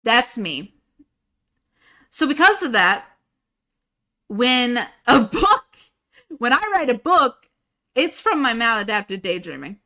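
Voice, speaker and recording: A woman's voice: a little high, very animated, takes it slowly, pauses often, pushed and bright. A young woman livestreaming, chatting casually with her viewers in a rambling way, laughing often and swearing freely.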